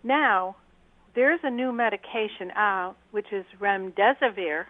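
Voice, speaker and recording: A woman's voice: mid-range voice, a little slow, dry recording. A woman calling in to a talk radio show, explaining her view earnestly. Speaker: caller. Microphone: telephone. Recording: tinny phone line.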